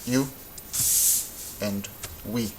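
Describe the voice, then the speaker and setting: A man teaching Spanish in a relaxed, patient way, thinking aloud as he works through examples. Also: on the low side, very slow, noisy background. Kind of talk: informal classroom explanation.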